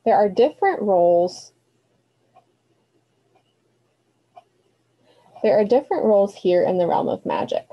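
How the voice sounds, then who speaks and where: Woman reading older woman mentor, stern and commanding, mellow husky tone, dull lo-fi sound. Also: mid-range voice, expressive, close to an everyday voice. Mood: reassuring. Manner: brisk, commanding.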